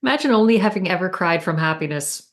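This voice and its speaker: A woman with a low voice hosts a relaxed interview. She asks questions slowly, pausing to find her words. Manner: thoughtful, searching for words. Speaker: podcast host. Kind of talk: casual interview.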